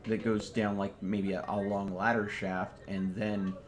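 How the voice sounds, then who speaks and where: A man's voice: on the low side, flat delivery, unhurried, slight background noise. A man hosting a multiplayer let's play, chatting casually and explaining the game's design at length. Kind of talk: casual gaming chat.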